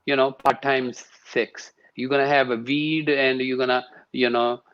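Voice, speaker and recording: In an interview conversation, a male yoga and sound teacher speaks with emphasis and uses repetition to stress his points. His mid-range voice is level in tone and a bit bright, his pace unhurried, and the highs are cut off.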